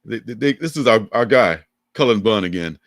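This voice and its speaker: An older man with a low voice chats loosely on a livestream, his pitch swinging up and down as he gets excited. He rambles, laughs a lot and sounds close and dry, with no room around him. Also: a little fast, dry recording. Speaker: livestream co-host. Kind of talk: casual chat.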